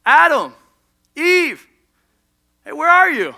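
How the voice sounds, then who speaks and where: A man's voice: extremely high pitch, very animated, quick pace, bright, forceful tone, full character voice. A preacher voicing a caring male God who calls out and speaks earnestly. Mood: calling.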